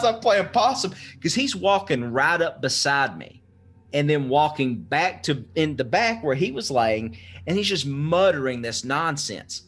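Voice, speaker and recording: A man's voice: a little high, sing-song, unhurried, a bit bright. A young man casually telling a spooky story on a podcast, swearing freely and laughing as he goes. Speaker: podcast guest.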